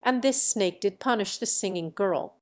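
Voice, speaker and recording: A woman's voice: mid-range voice, moderate pace, darkish tone, natural voice. A woman voicing a weary, determined young village girl in a storybook, speaking earnestly and pleadingly.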